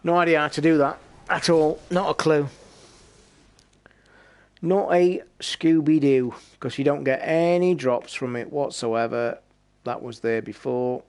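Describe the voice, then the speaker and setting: Tired British male streamer, gravelly voice, rambling casual chat. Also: fairly high pitch, normal speed. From Britain. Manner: rambling, chatty, swears casually. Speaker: game streamer.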